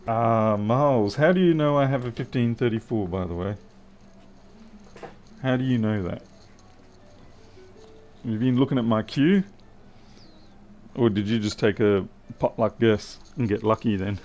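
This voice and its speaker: A man's voice: mid-range voice, unhurried, pauses often, darkish tone, slight background noise. A man hosting a live repair stream, talking casually and wryly to viewers as he works on a device. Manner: wry, chatty, answering viewers' comments. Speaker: livestream repair host. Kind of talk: casual live-stream commentary while working.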